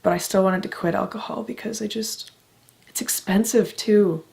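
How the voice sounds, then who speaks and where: A woman's voice: medium pitch, fairly even intonation, normal speed, gravelly, darkish tone. A young woman from Canada talking candidly in a personal vlog, emotional and heartfelt, swearing casually as she speaks. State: emotional, close to tears. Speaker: vlogger.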